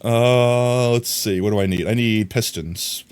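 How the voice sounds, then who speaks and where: A man's voice: on the low side, normal speed, hardly any pauses. A young man streaming live, chatting casually and jokily, muttering to himself as he plays and teasing his chat. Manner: rambling, jokey, mutters to himself while crafting; teases and scolds chat playfully. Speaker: livestreamer.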